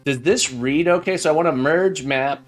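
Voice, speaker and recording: A man's voice: a little high, faint music behind. Friendly man thinking aloud while coding. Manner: halting, full of fillers and restarts; friendly, chatty with viewers. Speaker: live coding streamer.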